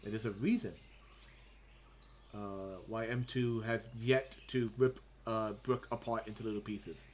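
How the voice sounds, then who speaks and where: A man and comic artist giving casual livestream commentary, thinking aloud as he draws with frequent pauses and self-talk. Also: fairly low pitch, steady tone, a little mellow. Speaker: comic artist streaming his drawing.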